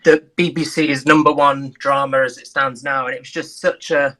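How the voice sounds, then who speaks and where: Excitable Liverpool man, bright voice. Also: medium pitch, normal speed, poor audio. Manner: excitable, effusive. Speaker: guest contestant. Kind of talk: casual chat.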